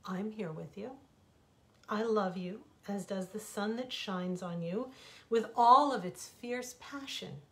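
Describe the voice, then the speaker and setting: A woman voicing a gentle, patient wind in a storybook fable, speaking softly and soothingly. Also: mid-range voice, slow pace. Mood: tender. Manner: soft and soothing, firmer when scolding.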